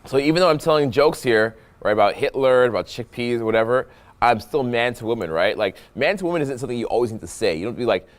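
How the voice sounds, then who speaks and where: A young man talking as a dating coach over his own footage, animated and playful, deliberately swinging his voice between loud and soft. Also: medium pitch. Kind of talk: voice-over commentary on infield footage.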